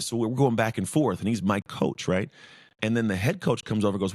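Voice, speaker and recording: A man's voice: fairly low pitch, fast, no room sound, clean studio sound. A man speaking as a podcast guest, former pro football player, talking intensely and emphatically in repeated lists. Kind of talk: casual interview talk.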